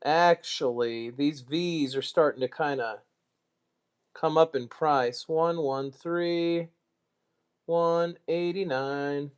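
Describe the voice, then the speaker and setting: A relaxed man hosting a casual live stream, mostly murmuring to himself as he works. Now and then he lifts his voice for a quick, joking aside to the viewers in chat. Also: fairly high pitch, clear, resonant tone.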